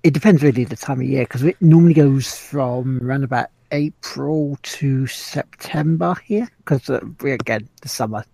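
Gravelly, husky Englishman on a podcast. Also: medium pitch, normal speed, few pauses, dark tone, dry recording. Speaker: podcast co-host. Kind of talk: casual podcast banter.

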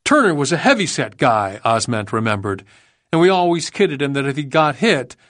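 A man reading a non-fiction audiobook as narrator, in a measured, grave storytelling manner. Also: mid-range voice, lively intonation, a bit bright, no room sound, clean studio sound. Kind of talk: scripted narration.

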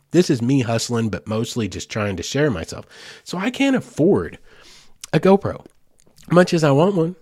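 A man's voice: medium pitch, darkish tone, slightly rough, dry recording, clean studio sound. A man hosting a podcast, rambling casually with self-deprecating asides. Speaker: podcast host.

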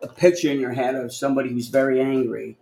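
A man's voice: medium pitch, fairly even intonation, quick pace, vocal fry, mellow. A man hosting a podcast in casual chat, rambling along with plenty of "um" and "like" as he talks. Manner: rambling, full of fillers. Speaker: podcast host. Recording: roomy echo.

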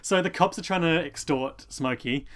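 A man's voice: on the high side, a little hiss or hum. A man co-hosting a podcast, chatting casually while he recaps an episode. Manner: relaxed, puts on quick silly voices when quoting. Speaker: podcast co-host.

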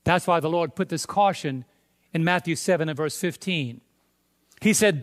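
A man with a New York accent preaching a sermon, emphatic, with sudden loud stresses on key words. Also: on the high side, moderate pace. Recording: long hall reverb.

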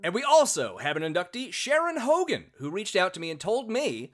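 A man's voice: sits high, huge pitch swings, a little fast. A man hosting a podcast in casual chat, talkative and self-deprecating, with plenty of filler words. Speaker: podcast host.

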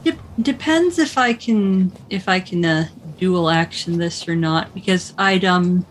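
A woman playing a tabletop role-playing game, thinking aloud with many pauses and fillers. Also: on the low side, slight background noise, low-quality recording. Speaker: player. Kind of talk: casual tabletop role-play.

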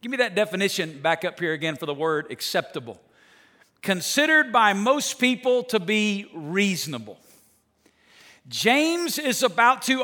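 A man preaching a sermon as pastor, emphatic, swinging from loud declarations to hushed asides, joking with the congregation. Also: sits high.

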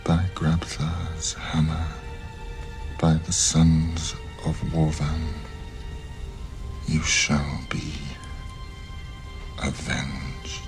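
An actor playing a grieving man who solemnly swears vengeance, in a slow, grave, deliberate delivery from a film clip. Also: a bass voice, completely flat delivery, heavily acted. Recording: film clip with score behind. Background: orchestral film music.

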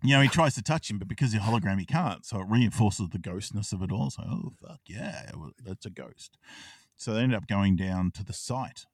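A low-voiced man chats casually about a TV episode he has watched. He retells it in an animated way and acts out the characters' lines. The sound is dry, with the mic set back a little from him. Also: fast talker, hardly any pauses, no room sound, far from the mic. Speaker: podcast co-host. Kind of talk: casual chat reviewing a TV episode.

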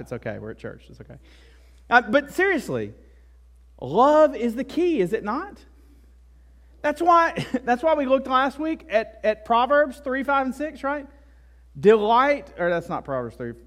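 A man's voice: high voice, a bit bright. A male pastor delivering a sermon in a conversational way, with frequent asides and tag questions. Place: church.

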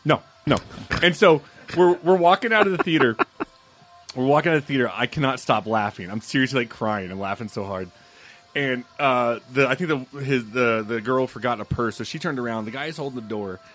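A man's voice: mid-range voice, brisk, fairly bright tone, soft background music. A man who is a film critic, telling a profane story in casual podcast chat and laughing through it.

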